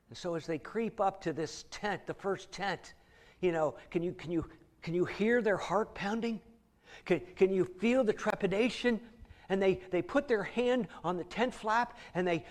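A middle-aged man preaching a sermon, telling a story vividly with frequent word repeats. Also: high-pitched. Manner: vivid storytelling, repeats words, acts out voices.

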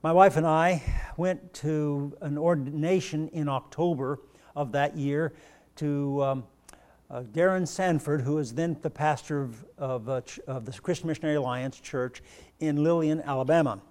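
A man with a high voice delivers a sermon. He tells a story with a few stumbles, then slows down and presses his points with emphatic rhetorical questions. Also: a little mellow. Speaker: preacher.

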